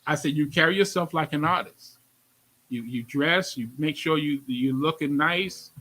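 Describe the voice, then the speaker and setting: A man's voice: fairly high pitch, moderate pace, pushed and bright, low-quality recording. A man with a New York accent hosting a radio interview, chatting casually in slang and repeating his phrases. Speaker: radio show host.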